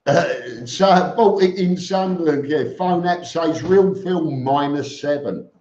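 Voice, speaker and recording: A man's voice: fairly high pitch, slow pace, a little mellow. A man hosting a casual live stream from home, greeting viewers by name in a chatty way. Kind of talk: casual live stream chat reading comments. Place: home room with fans on. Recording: echoey room, dull lo-fi sound.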